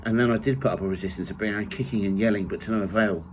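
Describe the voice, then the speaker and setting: A man reading from his own memoir in the first person, measured and steady. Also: on the low side, a little hiss or hum, low-quality recording. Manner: measured reading, rising loud for quoted shouts.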